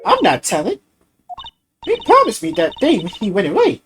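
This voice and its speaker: A woman voicing a cheerful teenage girl magician, high and bubbly. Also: huge pitch swings, normal speed, fairly bright tone, soft background music. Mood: playful.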